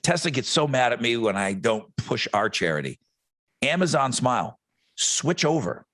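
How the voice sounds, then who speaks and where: A man's voice: medium pitch, sing-song, moderate pace, a bit bright, no echo. Man, podcast host, casual chat, joking, laid-back. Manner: easygoing, joking banter.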